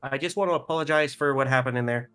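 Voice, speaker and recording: A man's voice: medium pitch, fast, sharp tone, smooth, soft background music. A man playing a tabletop game, talking casually and swearing freely. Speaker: player.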